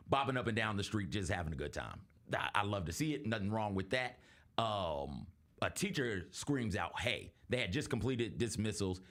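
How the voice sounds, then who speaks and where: A young adult man hosts a casual sports talk show, telling stories earnestly and acting out the voices of the people he quotes. He has a fairly low pitch and a fairly bright tone.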